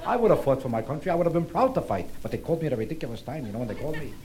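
On stage before a live crowd, a male stand-up comedian rambles through self-deprecating jokes. His fairly high voice is very animated, very fast, and a touch mellow, and the recording picks up audience laughter and noise.

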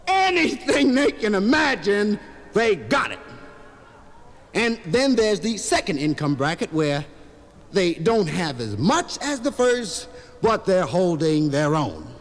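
A man performing a stand-up comedy routine in a club, an animated storyteller who acts out every character. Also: high-pitched, slow pace.

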